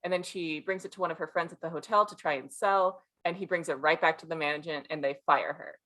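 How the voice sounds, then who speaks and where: A woman's voice: low-pitched, quick pace, fairly bright tone. A young woman co-hosting a casual book podcast, analytical and wry, acting out characters' lines as she goes. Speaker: podcast co-host.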